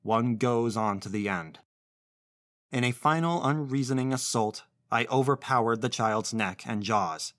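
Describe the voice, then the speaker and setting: A man narrating a literary short story in first person, with a measured, intense reading. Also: mid-range voice, a bit bright, no echo, clean studio sound.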